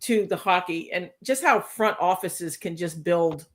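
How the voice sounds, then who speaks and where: Woman cohost rambling about sports, excited, trips over her words. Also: fairly low pitch, measured pace. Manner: rambling, restarts often, enthusiastic. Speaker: podcast co-host. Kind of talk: casual podcast chat.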